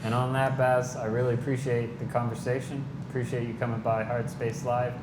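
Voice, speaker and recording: A man's voice: medium pitch, flat delivery, fairly quick. A male host in a casual interview, easygoing and laughing along with his guest. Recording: echoey room with background noise.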